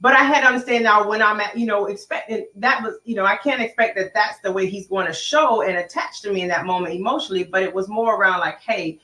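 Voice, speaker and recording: A middle-aged woman co-hosting a talk show, telling stories in a casual, animated way and acting out the dialogue. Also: medium pitch, quick pace, hardly any pauses, echoey room, low-quality recording. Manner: animated storytelling, acts out both sides of conversations. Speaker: co-host, pastor's wife. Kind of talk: casual chat.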